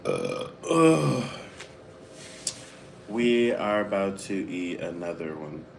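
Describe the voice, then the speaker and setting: A man's voice: sits low, sing-song, creaky, slight background noise. A man in his twenties from Florida, eating on a live stream and chatting with viewers by name between bites. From Florida, United States. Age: 20s. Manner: chatty, reads out viewer names and questions; talks between bites, slow and playful. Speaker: mukbang streamer. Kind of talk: casual live chat while eating.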